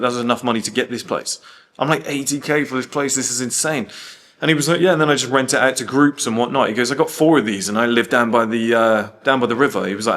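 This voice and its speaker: Blunt British man ranting casually. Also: medium pitch. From United Kingdom. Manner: blunt, animated storytelling with swearing and quoted dialogue. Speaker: host. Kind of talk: casual monologue.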